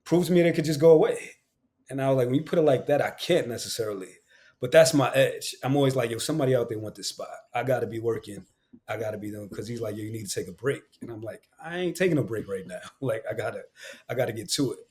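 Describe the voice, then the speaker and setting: A man, a guest who works as an actor and audiobook narrator, talking in a casual, animated podcast chat with slangy, repeated phrases. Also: medium pitch, fast talker. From Queens, New York.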